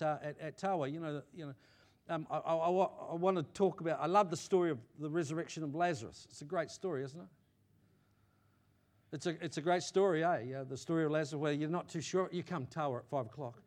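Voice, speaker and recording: High-voiced New pastor preaching. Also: male voice, fast. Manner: swings from loud emphatic declarations to low quiet asides; repeats and restarts phrases, checks in with listeners. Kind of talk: sermon. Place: church.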